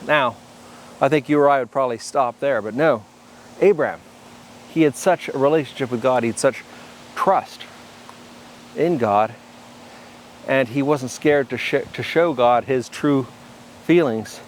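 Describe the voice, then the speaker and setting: A man's voice: medium pitch, unhurried, long pauses, slight background noise. An older man, a pastor, giving an informal devotional talk. He reads scripture aloud and then breaks off to comment on it in plain, conversational words.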